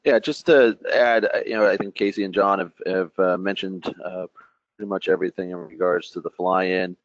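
Deep-voiced man on a faint phone line. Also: dry recording. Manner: hesitant, many fillers. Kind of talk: conference call update.

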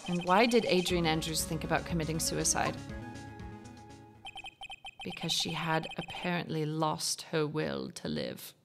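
A calm, composed man of the law, voiced by a woman reading along, speaks in a mock Australian accent. His delivery is low, hushed and measured, yet the pitch still swings about. Game music plays clearly underneath. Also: exaggerated voice. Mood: grave. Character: calm, composed adult male prosecutor. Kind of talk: reading game dialogue aloud.

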